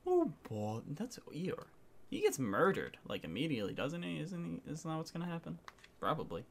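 A young man hosts a casual podcast, reading entertainment news between crude jokes and rambling asides. His pitch swings widely as he talks. A faint hiss sits under the recording. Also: big pitch swings, brisk, creaky, fairly bright tone. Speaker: podcast host.

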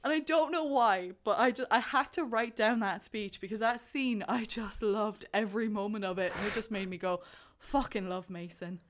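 A woman co-hosting a casual chat about a film, animated and acting out scenes she loves. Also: a little high, moderate pace, hardly any pauses. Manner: animated, acts out quotes with rising excitement. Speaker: podcast co-host.

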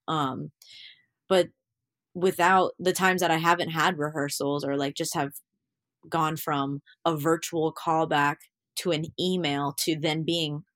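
A woman's voice: low voice, no room sound, studio quality. A young woman, an actor, chatting candidly as a guest, full of fillers and quoting herself as she tells stories. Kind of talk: casual interview chat.

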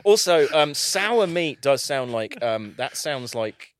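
A man's voice: mid-range voice, very animated, takes it slowly. A man chatting as a podcast guest, rambling off on tangents and laughing often. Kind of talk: casual comedic chat.

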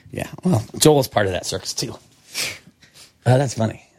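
A middle-aged man from California, a podcast guest telling stories casually in an animated, rambling way, acting out quotes. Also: mid-range voice, normal speed, breathy edge. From Santa Cruz, California. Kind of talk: casual storytelling.

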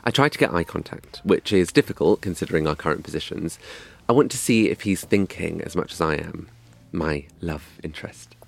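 A man's voice: low-pitched, a little fast, creaky, husky. A young man from England telling a scripted comic story in a wry, dry, self-mocking way. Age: young adult.

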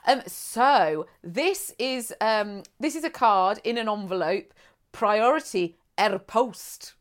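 A woman's voice: mid-range voice, animated, slow. A woman co-hosting a chatty podcast, laughing often and reading listener letters aloud. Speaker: podcast co-host. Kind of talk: casual podcast chat.

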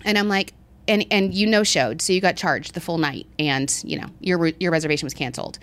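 A woman with a lowish voice and brisk delivery co-hosts a podcast. Chatting casually, she spins an animated travel tale and plays out each quoted person herself.

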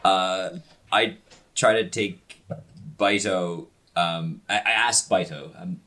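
A man's voice: low voice, slow pace, bright, forceful tone. A man playing a tabletop role-playing game, speaking hesitantly and laughing often. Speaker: player.

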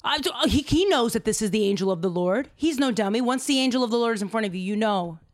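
A woman retelling a story in loose, casual slang and piling on fillers like "like" and "um." She is animated and keeps her listeners hooked. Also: fairly high pitch, quick pace.

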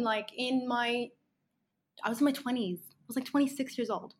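A woman in her thirties, chatting casually on a podcast and telling animated stories full of fillers and restarts. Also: on the high side, moderate pace. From Ireland.

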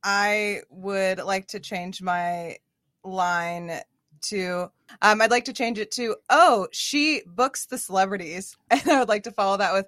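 A woman's voice: medium pitch, measured pace, a bit bright, no room sound, clean studio sound. A woman player in a casual tabletop game, playful and giggly as she argues her moves.

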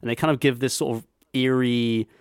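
Man, podcast co-host, casual rambling talk, mid pitch, dry close sound. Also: fairly even intonation, fairly quick, clear, resonant tone, dry recording. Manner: rambling, loose, swears, laughs while telling. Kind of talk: casual chat reviewing a film.

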